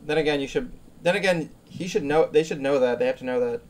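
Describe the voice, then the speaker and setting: A man co-hosting a casual podcast, talking fast in halting bursts and restarting his sentences. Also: on the high side. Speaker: podcast co-host. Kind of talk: casual chat.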